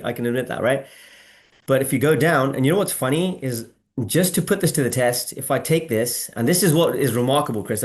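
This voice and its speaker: A man hosting a casual marketing webinar on a video call, talking emphatically and asking the audience to respond. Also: medium pitch. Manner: animated, emphatic, asks audience for replies. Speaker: webinar host.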